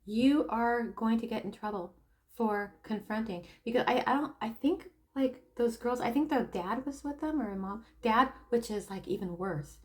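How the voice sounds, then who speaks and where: A woman with a somewhat high voice talks straight to camera in a loose, unscripted monologue. She tells her story with plenty of energy and acts out the people in it. She often breaks off to laugh or throw in a quick aside. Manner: animated storytelling, acting out quoted people. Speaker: tarot reader and spiritual coach. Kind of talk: casual opinion monologue.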